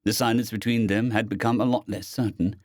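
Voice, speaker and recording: A man narrating a science fiction story as an audiobook reader, expressive in delivery. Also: fairly low pitch, fairly quick, no echo, clean studio sound. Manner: expressive, with lively intonation.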